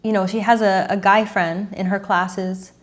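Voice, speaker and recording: A woman's voice: mid-range voice, little pitch movement, unhurried. A woman in her thirties, a dating coach, talking earnestly and emotionally to camera, repeating herself and sighing.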